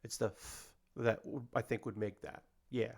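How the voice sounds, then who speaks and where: Male comedian host, mid-pitched voice, loose and rambling, pokes fun at himself. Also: steady tone, measured pace, gravelly, a little mellow. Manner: rambling, self-deprecating, chatty. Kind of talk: casual chat.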